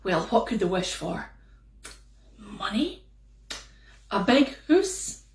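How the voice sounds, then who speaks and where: Lively Scottish woman telling a tale. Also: mid-range voice, reverberant. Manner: lively, playful, drawn-out. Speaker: storyteller. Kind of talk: storytelling.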